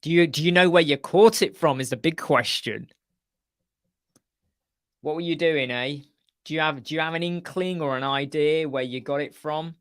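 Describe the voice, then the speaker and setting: A man's voice: a little high, moderate pace, no echo, studio quality. A man hosting a casual live web chat, answering viewers by name in a chatty, joking way. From United Kingdom.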